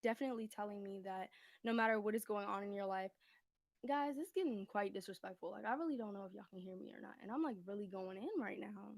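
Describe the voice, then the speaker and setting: A fast-talking woman with a mid-range voice and vocal fry streams a casual tarot reading from home using her phone, with no echo in the sound. Slightly breathless, she rambles chattily, laughs a lot and keeps asking whether people can hear her.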